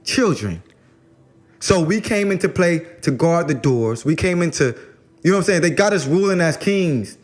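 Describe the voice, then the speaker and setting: A man's voice: on the high side, expressive, normal speed. A man, talking loosely about spirituality. He rambles, drops into slang and stumbles over repeated words as he gets going. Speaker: spiritual guest speaker. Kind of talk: casual spiritual talk.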